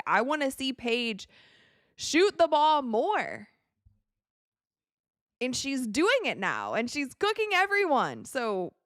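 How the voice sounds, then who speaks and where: A woman's voice: on the high side, fairly bright tone, no echo, studio quality. A woman hosting a casual live-stream watch party from her home set, chatting, reading out viewer comments and laughing often.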